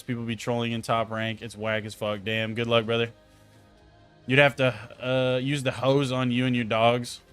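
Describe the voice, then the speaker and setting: Through a close desk mic, a young man with a clean-toned, mid-range voice chats casually while gaming on stream. He swears and sounds exasperated as he animatedly recounts stories to chat.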